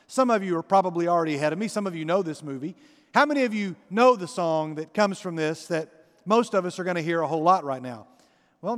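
Male pastor, high voice, conversational sermon storytelling, hall reverb. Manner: conversational storyteller, addresses the congregation directly.

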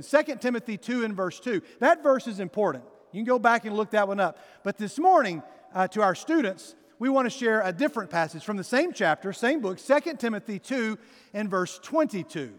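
A man delivers a sermon from the stage with a high voice that rings through a large church hall. He tells his story with animation and slips into the voices of the people in it. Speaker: pastor. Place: church sanctuary.

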